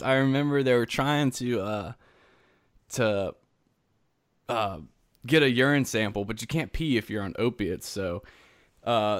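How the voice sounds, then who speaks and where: A man's voice: mid-range voice, clean tone, dry recording. Dry-sounding man telling a rambling story. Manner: rambling, self-mocking, laughs through the story. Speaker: podcast host. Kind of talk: casual storytelling chat.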